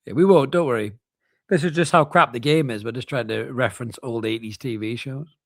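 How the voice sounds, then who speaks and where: A man cracks jokes and gives blunt opinions in a middle-pitched voice. He sounds dry and close to the mic. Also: no room sound. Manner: banter-laden, joking, quick to laugh. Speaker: podcast co-host. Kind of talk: casual watchalong commentary.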